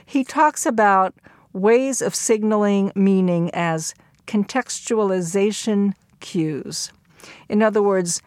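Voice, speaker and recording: A woman giving a recorded lecture, explaining at a measured pace and acting out the quoted lines. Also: fairly low pitch, a little mellow, no room sound, clean studio sound.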